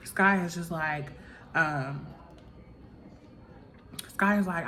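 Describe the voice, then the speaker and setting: A woman's voice: on the low side, extremely slow, pauses often, bright, forceful tone, a little hiss or hum. A woman vlogger casually recapping a reality show episode in a chatty, gossipy way, full of "like" fillers.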